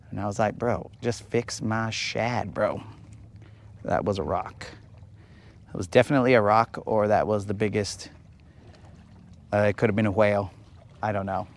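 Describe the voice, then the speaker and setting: A man hosting a live fishing stream from a boat outdoors, chatting to viewers in a casual, joking, slangy way. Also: medium pitch. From United States. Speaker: fishing livestream host.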